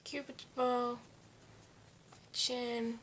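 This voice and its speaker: A woman's voice: fairly high pitch, little pitch movement, extremely slow, a bit bright, slight background noise. A woman talking casually through a makeup tutorial at home, chatting to herself as she works. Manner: chatty, talks to herself while applying makeup. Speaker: beauty vlogger. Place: home, indoors.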